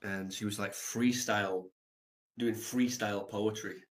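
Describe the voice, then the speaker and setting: A man's voice: fairly low pitch, fairly even intonation, a little slow. A man on a livestream telling a long story in a reflective, rambling way, swearing casually.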